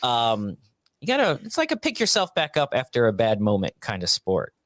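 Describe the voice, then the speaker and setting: A man's voice: mid-range voice, moderate pace, no room sound. A man hosting a podcast, telling stories animatedly and acting out the people in them. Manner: animated storyteller, acts out quotes. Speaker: podcast host. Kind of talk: casual interview chat.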